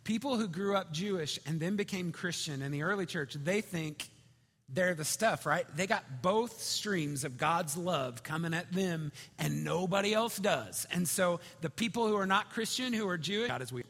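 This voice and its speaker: A man preaching a sermon in a conversational, storytelling way, swinging between loud and hushed. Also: high-pitched, animated, normal speed, slightly rough. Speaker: pastor. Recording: reverberant hall.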